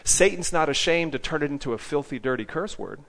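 A man's voice: on the high side, a little fast, a bit bright. A man teaching a group about street evangelism in a preaching style. He quizzes his listeners and checks in with "okay?" after almost every point.

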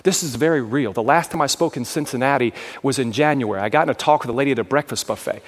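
A man's voice: mid-range voice, fast talker. A man giving a sermon-style talk as a traveling evangelist, telling stories and often asking the crowd if they follow. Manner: storytelling with frequent asides and checks to the crowd.

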